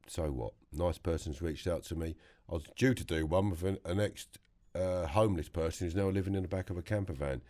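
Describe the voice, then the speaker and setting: A middle-aged man with a London accent speaks in a very low voice. He tells blunt, plain-spoken stories as a podcast guest in a studio. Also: brisk, hardly any pauses, mellow. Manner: blunt storytelling, mimics others. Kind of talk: casual chat.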